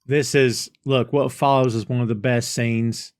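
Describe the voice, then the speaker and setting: A man's voice: mid-range voice, fairly even intonation, a little slow, darkish tone, clear, resonant tone, no room sound, studio quality. A man chatting casually as a podcast co-host, enthusiastically retelling scenes. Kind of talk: casual review chat.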